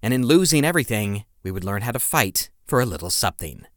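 A man with a low voice narrates a scripted history podcast, leaning into each phrase with dramatic emphasis and the odd playful aside. The recording is close and dry, with no room around the voice. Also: sing-song, fast talker, dry recording. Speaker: podcast host.

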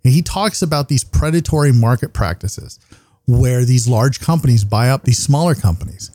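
A man in his thirties hosts a casual podcast, his voice tired and a little worn. He rambles and jokes, dropping profanity as he goes, in a mellow, darker tone. The mic is close and dry. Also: mid-range voice, animated, normal speed, no room sound. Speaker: podcast host. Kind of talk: casual chat.

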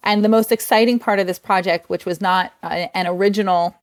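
A woman with a New Jersey accent, a guest author talking in a casual interview, enthusiastic and quick to laugh. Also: medium pitch, fairly even intonation, no echo. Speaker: guest, children's book author.

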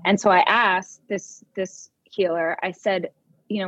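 A woman hosting a podcast, telling a story in an animated, casual way that mixes quick bursts with drawn-out words. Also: lowish voice, no room sound, highs cut off. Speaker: podcast host. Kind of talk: casual chat.

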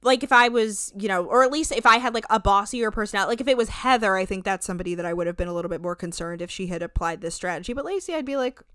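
Bright, crisp-voiced woman ranting on a podcast. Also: mid-range voice, rapid-fire, hardly any pauses, no room sound, studio quality. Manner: animated, profane, ranting. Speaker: podcast host. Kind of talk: casual recap chat.

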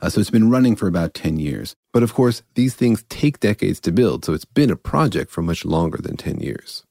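A man's voice: low-pitched, sing-song, fairly quick, gravelly, warm tone, no echo, clean studio sound. A man co-hosting a podcast as a physicist, explaining science in an enthusiastic, playful way and laughing often. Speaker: physicist co-host. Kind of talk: casual podcast chat.

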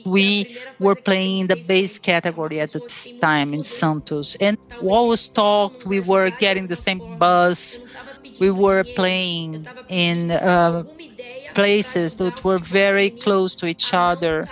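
A woman's voice: lowish voice, steady tone, takes it slowly, faint music behind. A Brazilian woman, a Portuguese native speaker, telling her own story with feeling and acting out the dialogue as a former player. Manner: emotional storytelling with quoted dialogue. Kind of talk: recounted personal story.

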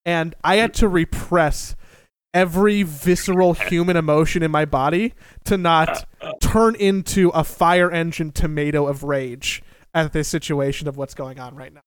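A young man telling a funny personal story in a casual, animated and profane way, mocking himself. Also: on the high side, moderate pace, clean tone, no echo.

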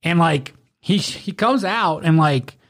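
A man's voice: a little high, slow pace. A man telling rowdy, profane stories in casual chat, acting out the people he quotes. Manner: rowdy, profane, animated storytelling with acted-out quotes. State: drunk.

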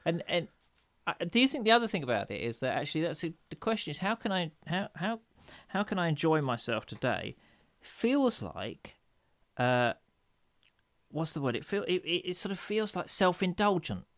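A man's voice: a little high, very animated, moderate pace, a bit bright. A man co-hosting a faith podcast, thinking aloud with frequent restarts and repeated words. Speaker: podcast co-host. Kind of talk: casual faith discussion.

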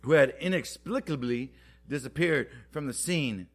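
A man's voice: medium pitch, normal speed. A man co-hosting a podcast, retelling history in a loose, profane, joking way with lots of filler. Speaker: podcast co-host. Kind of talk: casual history storytelling.

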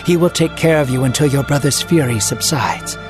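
A protective mother, as a male storyteller voices her, giving urgent instructions in a steady voice. Faint music plays behind the storybook reading. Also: mid-range voice, a little fast, close to an everyday voice.

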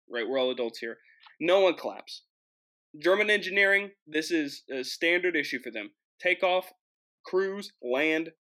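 A young American man hosting his own show, telling a travel story in an animated, jokey way with lots of restarts. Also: mid-range voice. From United States. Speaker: host. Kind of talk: casual storytelling monologue.

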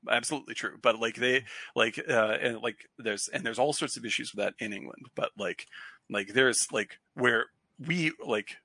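A man's voice: on the low side, creaky, bright, forceful tone, no room sound. A man from Cape Cod, Massachusetts, chatting casually, rambling through lots of fillers and restarts and breaking into laughter. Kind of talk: casual chat.

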